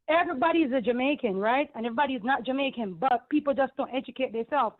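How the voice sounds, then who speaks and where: A woman with a Caribbean accent calls in over a tinny phone line and holds forth at length. She is emphatic and indignant, and her high voice rambles from point to point. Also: quick pace, few pauses. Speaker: caller. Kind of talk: call-in radio rant. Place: home in New York.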